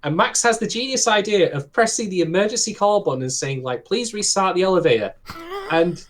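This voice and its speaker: A man's voice: high voice, animated, fairly quick, slight background noise. A man co-hosting a podcast, recapping anime episodes in a chatty, swearing style, often laughing as he talks. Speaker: podcast co-host. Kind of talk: casual anime discussion.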